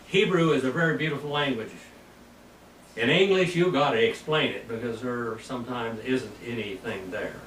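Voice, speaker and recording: Hoarse man teaching, distant and roomy. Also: medium pitch, a bit bright, a little hiss or hum. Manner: slow, deliberate, sounds out Hebrew words syllable by syllable. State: hoarse, losing his voice. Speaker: Bible teacher. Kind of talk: verse-by-verse Hebrew Bible lesson.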